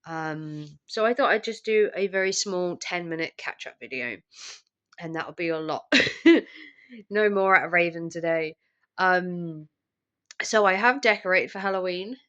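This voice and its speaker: A young woman with a low voice talks to camera while she is sick with the flu. She sounds tired and drained, and she rambles with lots of ums. Her illness wears on her voice throughout. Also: unhurried, fairly bright tone, dull audio. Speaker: vlogger. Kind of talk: casual catch-up vlog.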